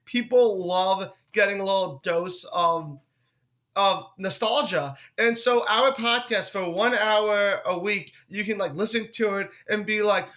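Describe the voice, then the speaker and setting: Young man, comedian guest, high bright voice, animated, cursing, casual podcast chat. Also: measured pace. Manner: animated, swears often, breaks into loud joking voices.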